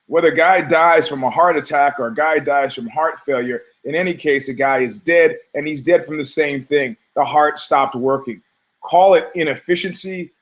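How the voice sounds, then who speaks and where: A man hosting a talk show, delivering a rambling, emphatic monologue, swearing, stumbling over words and slipping into quick mimicry of other people. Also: a little high. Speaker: podcast host. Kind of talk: opinionated monologue.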